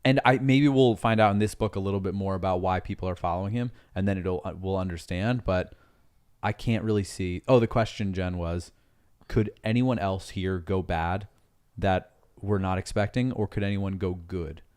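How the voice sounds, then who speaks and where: A man talks over a book with friends in an everyday mid-pitched voice. He thinks out loud, weighs his points slowly and backs the others up with short yeps. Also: clear, resonant tone. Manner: thoughtful, reasoning aloud, frequent agreement words. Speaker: podcast co-host. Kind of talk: casual book discussion.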